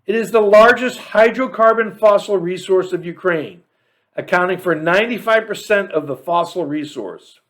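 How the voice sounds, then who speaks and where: Sarcastic high-voiced male commentator. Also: moderate pace, fairly bright tone. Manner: sarcastic, reads facts aloud with mocking asides. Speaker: show host. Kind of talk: political commentary monologue.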